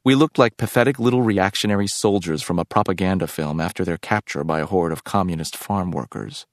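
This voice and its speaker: A man reading a novel aloud as narrator in a measured, reflective way. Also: sits low, no echo, clean studio sound. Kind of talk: scripted audiobook narration.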